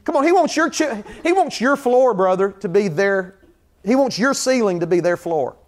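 A man's voice: high voice, expressive, moderate pace. A man preaching a sermon in a church, chatting with the congregation and acting out little scenes, then building into fervent repetition. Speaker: pastor.

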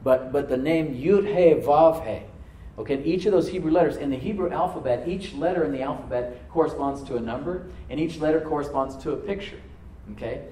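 A man preaching to a congregation, reading scripture aloud and then dropping to a soft voice to stress a point, calling for responses from the room. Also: on the high side, brisk, few pauses, roomy sound, slight background noise, low-quality recording. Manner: asks the congregation to answer back. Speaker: pastor. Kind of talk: sermon. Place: church service with a live congregation.

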